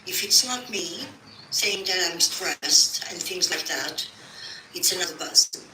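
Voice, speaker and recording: A playful woman chats as a guest on a livestream. Her voice is lowish, very bright and sharp, and rises and falls a lot. She sounds far from the mic in an echoey space with faint hiss. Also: expressive, a little slow. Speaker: stream guest. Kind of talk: casual live-chat talk.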